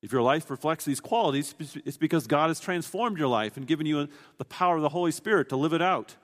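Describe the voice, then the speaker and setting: In a big-sounding room, a man with a slightly high voice delivers a sermon quickly and with animation. He earnestly teaches from a passage of scripture, frequently restarting what he's saying.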